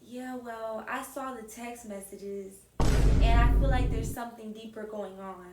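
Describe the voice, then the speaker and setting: A woman's voice: a little high, steady tone, unhurried, loud music behind the voice, lightly acted. Young woman quoting a blunt, suspicious mother. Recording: roomy echo.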